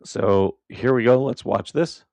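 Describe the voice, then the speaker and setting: Male streamer host, blunt and foul-mouthed, mid pitch, dry close sound. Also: unhurried, creaky, darkish tone, dry recording. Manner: blunt, profane and combative; laughs at his own remarks. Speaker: livestream host. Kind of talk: casual live commentary.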